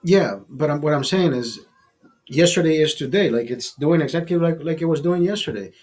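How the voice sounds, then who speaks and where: A man's voice: fairly high pitch, a little fast, darkish tone. A man hosting a live stream, chatting casually over a beer, rambling and swearing, laughing at his own jokes. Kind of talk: casual chat over beers.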